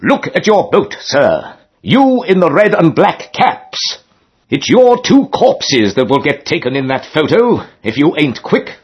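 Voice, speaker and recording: A man voicing a stentorian man shouting a blunt warning across a crowded lock, in a dull lo-fi recording. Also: a little high, sing-song, a little slow, husky, pitched above the performer's own voice, full character voice. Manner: loud, blunt, bossy.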